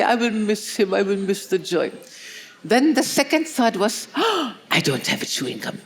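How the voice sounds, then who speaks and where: Woman preaching with chatty "no?" asides. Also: medium pitch. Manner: conversational, tag questions "no?". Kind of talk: sermon.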